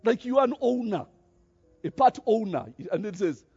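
A man preaching a sermon, animated, with many rhetorical questions and a habit of tagging "eh?". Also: high voice, normal speed, breathy edge, lo-fi sound.

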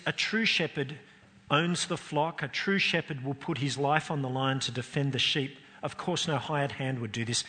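A man's voice: medium pitch, bright, forceful tone. A man preaching a sermon, earnest and emphatic, his voice climbing and dropping to stress points. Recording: long hall reverb.

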